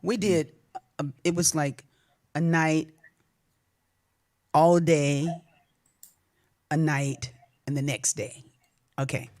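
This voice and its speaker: A woman's voice: sits low, steady tone, a little mellow. A woman hosting a livestream who sings spiritual songs and then tells reflective stories in a casual way. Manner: slow, reflective, drawn-out phrasing. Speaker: singer and livestream host. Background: instrumental music.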